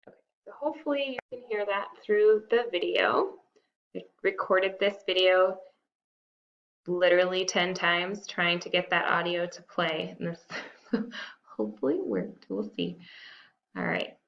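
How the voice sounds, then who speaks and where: A woman's voice: fairly low pitch, a little slow, gravelly, highs cut off. A woman teacher talking students through a recorded lesson in a casual, self-deprecating way, with frequent fillers. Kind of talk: recorded classroom lesson walkthrough.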